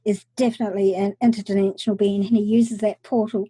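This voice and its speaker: A woman hosting an interview, calmly explaining her ideas in a matter-of-fact way. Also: mid-range voice, fast, slightly rough, no room sound. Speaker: host. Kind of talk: interview chat.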